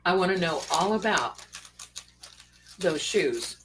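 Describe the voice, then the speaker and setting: A woman hosting a casual livestream, chatting excitedly as she eats and comments. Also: lowish voice, takes it slowly, a little hiss or hum, low-quality recording. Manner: excited, chatty, talks with mouth full. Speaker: livestream host. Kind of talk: casual live commentary while eating. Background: dish and cutlery clatter.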